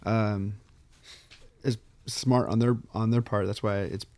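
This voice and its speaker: A man's voice: lowish voice, fairly even intonation, slow, a little mellow. A man co-hosting a podcast in casual chat, laid-back and hesitant, with many fillers. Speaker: podcast co-host.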